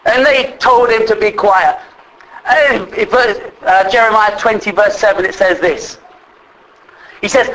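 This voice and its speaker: A male preacher delivering a fervent sermon in a high, bright voice. He presses his points hard and calls the listeners brethren, now and then rising to a shout. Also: measured pace, slight background noise, low-quality recording. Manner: impassioned, rises to shouts; addresses congregation as brethren.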